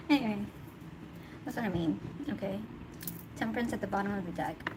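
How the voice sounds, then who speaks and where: A woman's voice: mid-range voice, normal speed, long pauses. A woman giving a casual tarot reading, chatty and thinking aloud, laughing often. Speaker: tarot reader. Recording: noticeable background noise.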